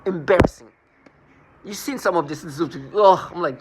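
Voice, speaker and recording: A vlogger rambles through a scornful personal monologue, restarting and repeating words as he goes. His voice is high-pitched and moderately paced, with slight background noise.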